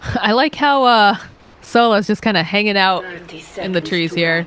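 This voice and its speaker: A woman casting a live esports match, chatty and quick to laugh, acting out what the players might be thinking. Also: medium pitch, fairly bright tone. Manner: chatty, laughs easily, acts out players' thoughts. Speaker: esports caster. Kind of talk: live play-by-play commentary.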